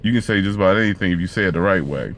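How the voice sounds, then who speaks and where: A man's voice: low voice, very fast, fairly bright tone, a little hiss or hum. A man telling a story in a casual monologue, laid-back and slangy with plenty of swearing. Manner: laid-back slangy and profane, frequent restarts.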